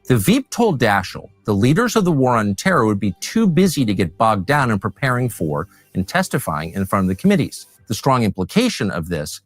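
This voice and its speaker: A man reading a scripted documentary narration with a measured, pointed delivery. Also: on the low side, very animated, soft background music.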